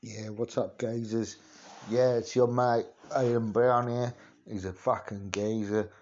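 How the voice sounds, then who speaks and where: A man's voice: on the low side, little pitch movement, a little slow, dull audio, background noise, close to an everyday voice. A man doing a comic impression of a swaggering Cockney tough-guy geezer, rambling and sweary with endless filler phrases.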